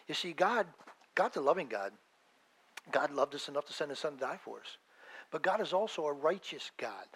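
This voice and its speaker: Male pastor, middle-aged, fervent sermon delivery, voice sits a bit high, rises and drops sharply in volume. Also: poor audio. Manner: emphatic preaching, swinging between loud and hushed.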